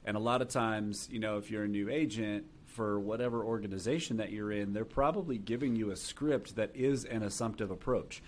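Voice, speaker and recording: A man hosting a podcast who explains sales approaches in a measured way. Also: fairly low pitch. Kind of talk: conversational podcast talk. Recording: faint background noise.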